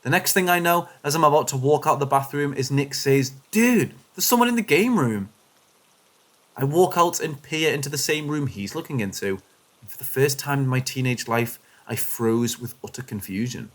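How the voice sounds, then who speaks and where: A man giving scripted, expressive narration of first-person paranormal stories, shifting his delivery with the suspense. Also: medium pitch, fairly quick. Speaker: story narrator.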